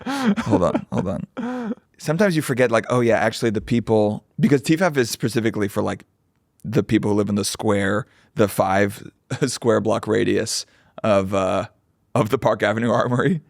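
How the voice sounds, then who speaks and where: On this podcast a man with a lowish voice and a bit of vocal fry co-hosts at a moderate pace, animatedly telling stories, swearing, and mimicking people he overheard. It's casual chat, recorded with clean studio sound and no echo.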